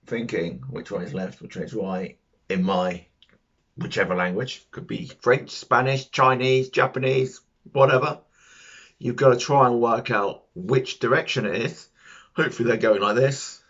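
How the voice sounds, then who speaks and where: A man rambling to his viewers in an unhurried, meandering way, poking fun at himself as he drifts off topic and back. His delivery is slow and easygoing. The sound is dull and a bit lo-fi. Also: mid-range voice, a bit bright. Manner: self-deprecating, digressive, jokey asides. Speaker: vlogger. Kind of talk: casual rambling monologue.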